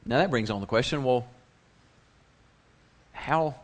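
A man's voice: medium pitch, a little slow. A male pastor preaching a sermon in a conversational way, slipping into the voices of the people he quotes.

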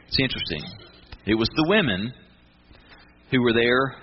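A man's voice: mid-range voice, expressive, normal speed, long pauses, highs cut off, background noise. A man preaching a sermon, retelling a story with rising fervor and voicing the people in it. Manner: builds to near-shouting fervor, acts out voices of angels and Mary. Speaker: pastor.

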